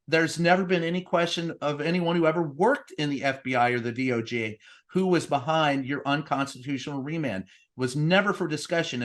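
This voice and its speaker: A man's voice: a little high, a bit bright. A man hosting an interview, conversational and joking, with loose, restarting phrasing. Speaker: host.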